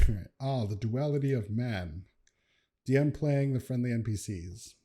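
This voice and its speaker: A young man chatting casually while reacting to memes at his computer, laid-back and quick to laugh. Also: medium pitch, warm tone, husky, faint music behind.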